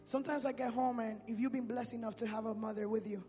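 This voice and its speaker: Male preacher, high voice, slangy, loud-to-quiet swings, big church reverb. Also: steady tone, fast talker. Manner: swings between shouting and hushed speech. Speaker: pastor. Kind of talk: sermon. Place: church sanctuary. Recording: reverberant hall with music.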